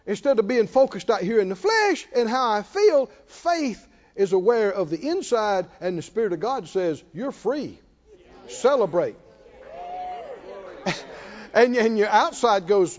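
A male preacher delivering a sermon, exhorting his listeners and breaking into shouted laughter. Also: sits high, sing-song, measured pace, highs cut off.

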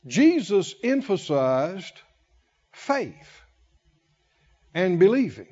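High-voiced slow emphatic preacher. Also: male voice, big pitch swings, mellow, lo-fi sound. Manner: emphatic, repeats key words with long pauses. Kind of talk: sermon.

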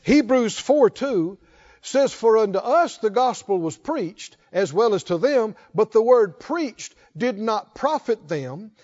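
A male pastor preaching a sermon, slow and emphatic, rising to fervent calls to his congregation. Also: high-pitched, expressive, darkish tone, lo-fi sound.

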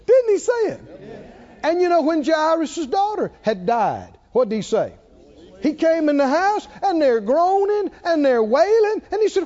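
A man preaching a sermon in a folksy, emphatic way that builds to shouting, recorded with dull lo-fi sound. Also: very high voice, very animated, a little slow, pauses often.

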